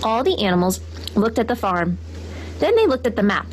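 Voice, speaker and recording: A woman reading a children's picture book aloud in an expressive, lively storytelling manner. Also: a little high, normal speed, background noise. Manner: expressive, lively read-aloud with character voices.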